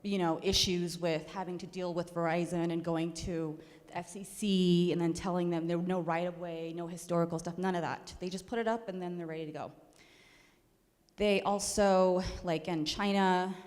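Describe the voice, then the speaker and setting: A woman's voice: fairly low pitch, a little mellow. A young woman from the Navajo Nation, a rancher, speaking casually and emotionally at a panel, laughing often. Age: young adult. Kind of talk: casual public comments. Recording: echoey hall.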